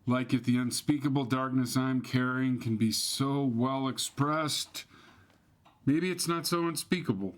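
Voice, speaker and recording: A man's voice: mid-range voice, unhurried, natural voice. An actor playing a father in a story game, hesitant and evasive. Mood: thoughtful.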